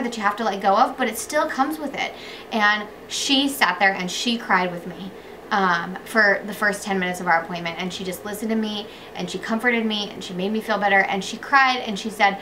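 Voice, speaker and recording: A young woman talks straight to her viewers in a casual, heartfelt way, her voice bright and clear. She speaks earnestly and often sinks to a near hush when the feelings run deep. A faint noise sits under the recording. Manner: earnest, heartfelt, softening to a hush on emotional moments. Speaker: vlogger. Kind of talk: casual chat to camera.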